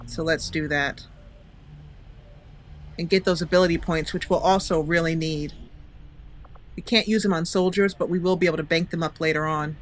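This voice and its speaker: A woman's voice: sits low, steady tone, normal speed, pauses often, slight background noise. Woman thinking aloud over gameplay. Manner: thinking aloud, hesitant fillers, chuckling. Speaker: gaming channel host. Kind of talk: casual let's-play commentary.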